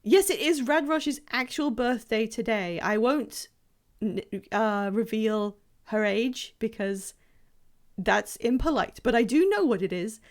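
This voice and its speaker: A young woman live-streams a game and chats casually with her viewers. Her voice sits a bit higher than most. She rambles playfully with fillers and laughs often. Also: animated, measured pace. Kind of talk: casual live-stream chat while gaming.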